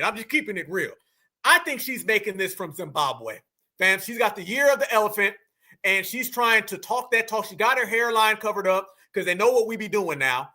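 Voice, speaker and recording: A man's voice: high voice, bright, forceful tone. A man hosting a casual livestream, reacting to a clip and teasing his audience in a mocking, joking way. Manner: mocking, teasing, addresses chat directly. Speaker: livestream host.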